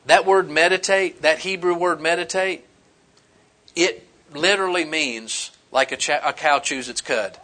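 Bright-voiced preacher man, folksy and animated. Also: a little high, measured pace. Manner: animated, folksy storytelling with humor. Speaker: pastor. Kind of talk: sermon.

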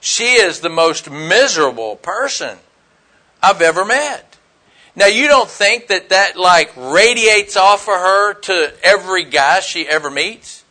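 A man's voice: high-pitched, animated, unhurried, bright, forceful tone. A man preaching a conversational sermon, telling stories in a blunt, folksy way and asking his listeners questions.

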